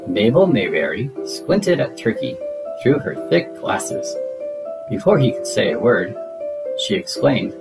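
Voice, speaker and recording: A man's voice: medium pitch, big pitch swings, measured pace, vocal fry. A man reading a children's storybook aloud expressively, with playful sound effects. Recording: guitar music behind.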